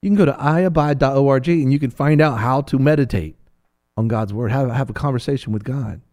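A man teaching from the Bible in a preaching talk, animated and playful, acting out voices of biblical figures. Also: medium pitch, fairly quick.

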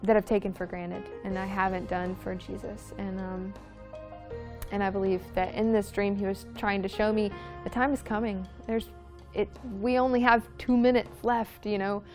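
Soft-spoken woman with flat pitch. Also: music in the background. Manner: soft, halting, many fillers. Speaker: guest sharing a dream. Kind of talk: personal testimony.

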